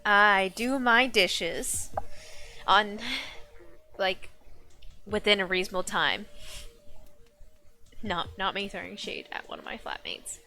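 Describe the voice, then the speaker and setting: A woman's voice: medium pitch, unhurried, long pauses, pushed and bright, faint music behind. A young woman streaming live, chatting casually and rambling with lots of restarts.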